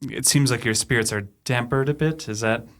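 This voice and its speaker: A man's voice: medium pitch, fairly quick, a bit bright. A man playing a tabletop game, speaking in character in an affable, rambling way with lots of fillers. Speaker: player.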